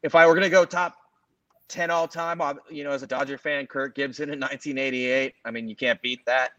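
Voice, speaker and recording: A man's voice: mid-range voice, a little fast, dry recording. A man in his forties from the Los Angeles area, co-hosting a sports podcast in casual chat and telling long, rambling stories full of fillers. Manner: rambling, filler-heavy, animated storytelling. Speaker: podcast co-host.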